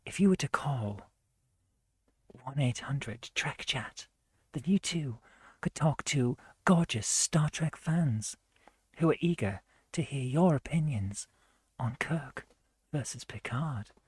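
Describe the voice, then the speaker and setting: A woman voicing a sultry late-night phone-line advert announcer in a hushed, slow, breathy murmur. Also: a bass voice, lively intonation, no echo, heavily acted.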